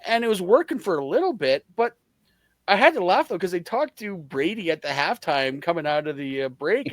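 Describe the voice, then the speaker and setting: An animated man on a sports podcast whose voice swings widely and sits a bit high. He sounds exasperated and laughs easily, and the sound is close and dry. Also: fairly quick, no echo. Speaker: podcast co-host. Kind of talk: casual sports chat.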